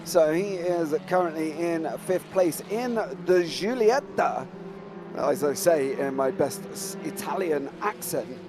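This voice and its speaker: A man's voice: on the high side, unhurried, hardly any pauses, noisy background. A man doing live sim racing commentary in a chatty way, full of fillers and calling his co-host mate.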